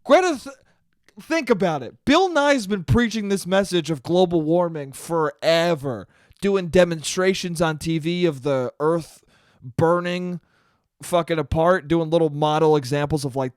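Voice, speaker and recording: A man's voice: on the high side, moderate pace, smooth, no echo, clean studio sound. A man hosting a solo podcast, rambling in a casual, profane comic monologue and laughing often. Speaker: podcast host.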